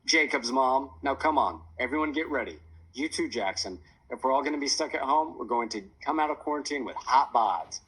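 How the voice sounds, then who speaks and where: A man's voice: mid-range voice, lively intonation, fairly quick, fairly bright tone, breathy edge, pitched above the performer's own voice, poor audio. Man putting on a teasing upbeat mom. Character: playful energetic mother of three, woman.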